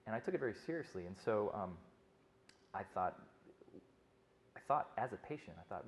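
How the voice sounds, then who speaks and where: Middle-aged man, doctor addressing a conference crowd, low voice, rapid chatty delivery with restarts. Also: animated. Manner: fast, conversational storytelling with frequent restarts. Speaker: physician giving a talk. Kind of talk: conference talk to an audience.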